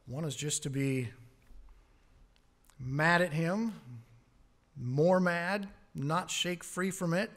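A man preaching a sermon as pastor, earnest, rising on key words and dropping low on asides. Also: slow, pauses often, fairly bright tone.

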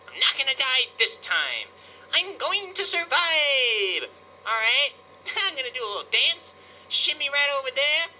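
A bubbly woman giving casual let's-play commentary as a gaming host, joking and talking back at the game. Her voice is high and piercingly bright, and it swings up and down a lot. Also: slight background noise, rough recording.

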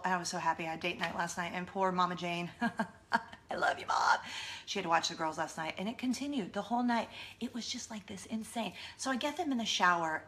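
A woman's voice: medium pitch, sharp tone. A woman, a mother, chatting casually and self-deprecatingly to her camera. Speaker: vlogger, mother of two. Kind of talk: casual vlog chat.

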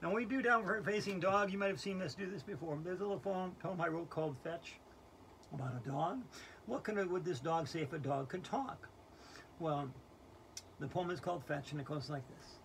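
A man's voice: high-pitched, brisk, creaky, a bit bright, a little hiss or hum. A man playing a giddy winged yoga teacher lady. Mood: playful. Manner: giggly, keeps breaking into laughter and swearing. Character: giddy quirky female yoga teacher wearing wings. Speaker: yoga instructor. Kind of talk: comedic character yoga lesson.

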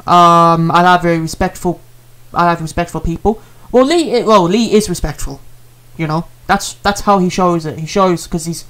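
A man's voice: sits high, a bit bright, clean tone. A man, a streamer talking casually and earnestly, rambling and repeating himself with many fillers as he apologizes to a viewer.

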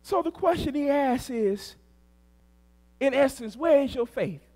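High-voiced preaching pastor. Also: male voice, animated, unhurried. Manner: rhythmic preaching, rising to shouts on key phrases. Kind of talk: sermon.

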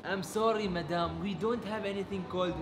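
An actor playing a rude, cheeky Arab waiter in broken English with Arabic words, trading sarcastic insults with customers. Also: male voice, high-pitched, fairly even intonation, fairly quick, over music, natural voice. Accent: Arabic-accented English. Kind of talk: comedy sketch acting. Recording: roomy sound with background noise.

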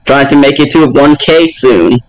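A man appearing as a guest YouTuber, chatting casually in short, halting remarks. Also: medium pitch, low-quality recording. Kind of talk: casual chat.

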